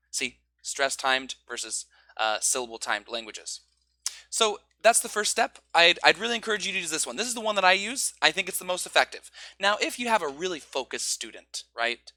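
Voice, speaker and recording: A man giving online teaching advice in an energetic, demonstrative way. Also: fairly high pitch, dry recording. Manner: energetic, demonstrates stress with slow exaggerated example sentences. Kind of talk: online teaching tips video.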